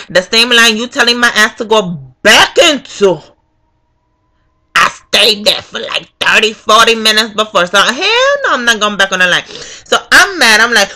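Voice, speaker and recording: A woman's voice: mid-range voice, bright, forceful tone. A young woman telling a profane storytime rant as a vlogger, acting out the people in her story. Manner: profane, acts out every voice in the story.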